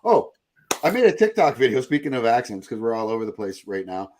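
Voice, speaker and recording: A man's voice: medium pitch, sing-song, a little mellow, slight background noise. A man hosting a pop culture podcast, chatting casually with jokes and loose rambling. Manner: joking, rambling, quick to laugh. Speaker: podcast host. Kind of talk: casual chat.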